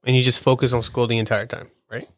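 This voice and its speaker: A woman's voice: very deep voice, flat delivery, quick pace, no room sound, studio quality. A woman interviewing a guest with short, prompting questions.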